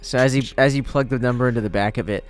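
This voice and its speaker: A man's voice: mid-range voice, very fast. A man narrating a tabletop game as game master in a laid-back, joking way. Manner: laid-back, laughing, swearing. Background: faint music.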